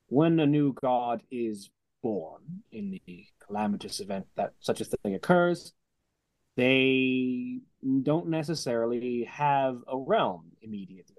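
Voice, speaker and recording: A man running a tabletop game as game master, describing the world in an unhurried way with frequent fillers. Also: medium pitch, dry recording.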